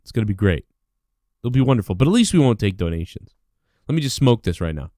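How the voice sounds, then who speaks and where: A man's voice: on the low side, big pitch swings, fast talker, warm tone, no room sound, clean studio sound. A man hosting his own show, ranting in a rambling, profane comedic monologue. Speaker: show host.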